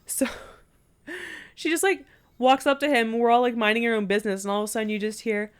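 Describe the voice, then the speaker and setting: A woman's voice: fairly high pitch, fairly quick, clean tone. A young woman co-hosting a podcast, telling stories in casual, profane chat into a podcast microphone. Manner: profane, animated storyteller. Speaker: podcast co-host.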